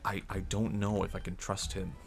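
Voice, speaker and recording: A wary, ruthless little worm speaks in a low, gravelly voice, as a male storyteller slips into him. His lines are halting and suspicious. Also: little pitch movement, faint music behind.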